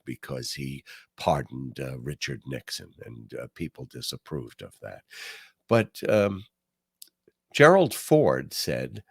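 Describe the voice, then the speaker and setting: A man's voice: deep voice, vocal fry, no room sound, clean studio sound. An older man hosting a political commentary podcast, talking in a wry, sarcastic way with many fillers. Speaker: podcast host.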